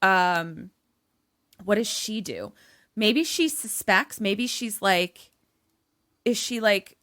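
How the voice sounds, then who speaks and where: A woman's voice: mid-range voice, takes it slowly, pauses often, pushed and bright, no echo, studio quality. A woman co-hosting a podcast over a remote call, reacting to a film plot with profane, indignant rants. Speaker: podcast co-host. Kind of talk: casual chat reacting to a film.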